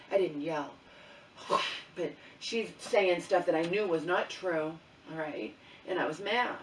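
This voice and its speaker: A middle-aged woman vlogger with a fairly low voice tells a furious, expletive-laden personal story, frequently checking in with "okay?" and "you know?". Slight background noise and an echoey room come through the distant microphone.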